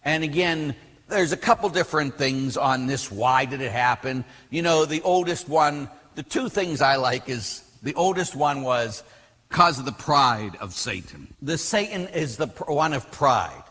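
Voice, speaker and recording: A man, a Catholic priest, teaching a class with animated storytelling and emphatic outbursts. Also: medium pitch, unhurried, husky. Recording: long reverb of a large hall.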